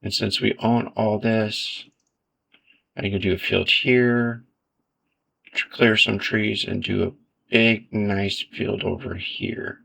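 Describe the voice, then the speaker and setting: Laid-back male gamer, gravelly and unhurried, self-mocking asides over mouse clicks. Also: fairly low pitch. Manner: relaxed, self-deprecating, thinks aloud. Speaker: gaming video creator. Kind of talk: casual gameplay commentary.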